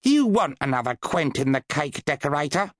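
A mocking female budgie familiar, voiced by a man in an audiobook. Her voice sits a touch above a man's usual pitch and sounds close and dry. She needles her master with scorn. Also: sing-song, fairly quick, no room sound. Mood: warning. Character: sharp-tongued female budgie familiar, sarcastic. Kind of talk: audiobook character voice.

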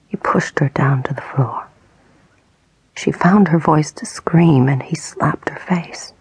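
Hushed husky woman narrating slowly. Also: low voice, no echo, in a whisper, rough recording. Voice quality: breathy, husky, gravelly. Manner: slow, hushed, intimate. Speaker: audiobook narrator. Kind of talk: whispered narration of an audiobook.

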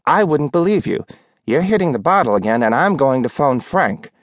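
A man's voice: fairly high pitch, animated, moderate pace, dry recording, clean studio sound, pitched above the performer's own voice. A man voicing a plump, blunt landlady who scolds plainly and practically. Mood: scolding.

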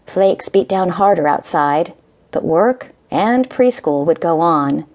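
A woman narrating a romance audiobook in a gentle, measured storytelling manner. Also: lowish voice, lively intonation. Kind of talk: scripted narration.

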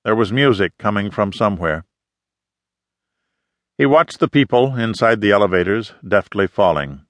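A man narrating a literary audiobook in a measured, scripted reading. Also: fairly low pitch, animated, no echo. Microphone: close studio mic.

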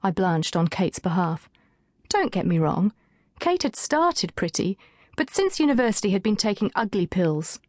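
Woman audiobook narrator, mid-pitched, wry delivery, dry studio read. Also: very animated, moderate pace, darkish tone, no room sound.

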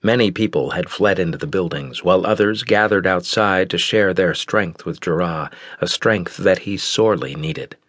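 A man narrating a science fiction audiobook in a measured, steady way. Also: sits low, no room sound, studio quality. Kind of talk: scripted narration.

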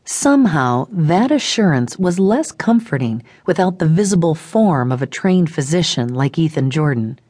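Brief: woman audiobook narrator, low pitch, dry studio sound. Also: big pitch swings, moderate pace, hardly any pauses, darkish tone, husky, no room sound. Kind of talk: scripted narration.

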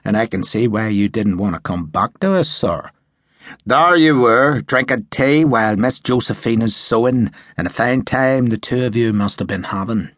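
A man's voice: medium pitch, normal speed, fairly bright tone, no room sound, studio quality, natural voice. A man voicing an army sergeant who teases his officer slyly. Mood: teasing. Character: teasing male army sergeant.

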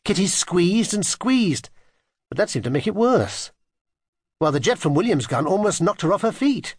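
A man reads a children's storybook aloud with expressive, lively intonation that rises and falls widely. His voice has a husky grain. The recording is close and dry, with no room sound. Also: sits high, normal speed, no room sound. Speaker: audiobook narrator.

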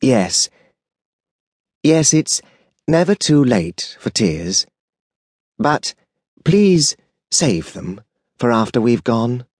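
A man voicing a stern, measured male angel in an audiobook, speaking slowly and deliberately in a lowered tone. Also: very animated, a little mellow, slightly rough, dry recording, studio quality, exaggerated voice. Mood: admonishing. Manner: slow, deliberate, lowered delivery. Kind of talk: audiobook character voice.

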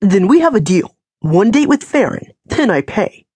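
A woman reading an audiobook, voicing a combative, battered young man who speaks bluntly and flatly. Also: mid-range voice, normal speed, slightly rough, dry recording. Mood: smug. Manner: blunt, flat, pushy.

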